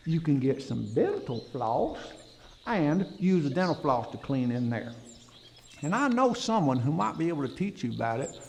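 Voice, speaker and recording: A man playing a goofy, folksy backwoods storyteller with a drawl, telling tall tales to children. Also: fairly high pitch. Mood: folksy teaching. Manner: drawling, folksy, animated, talks to kids. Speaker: kids' dental educator.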